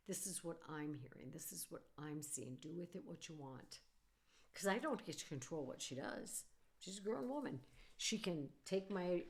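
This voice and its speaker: A middle-aged woman with a somewhat low voice hosts a solo podcast. She talks in an earnest, warm, advice-giving way and draws on stories from her own life. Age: middle-aged or older. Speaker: podcast host, psychologist. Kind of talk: casual solo podcast talk.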